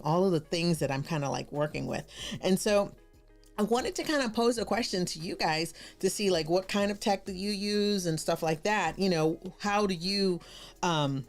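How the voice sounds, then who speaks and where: Woman hosting a live stream, super animated and chatty, lower voice that jumps around a lot. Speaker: livestream host and branding coach. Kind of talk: casual live-stream chat.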